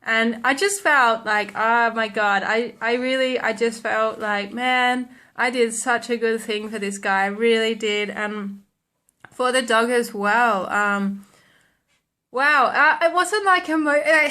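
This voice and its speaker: A woman's voice: on the high side, measured pace, bright, forceful tone. A young woman telling stories in a casual vlog, rambling with lots of ums and likes and laughing at herself. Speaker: vlogger.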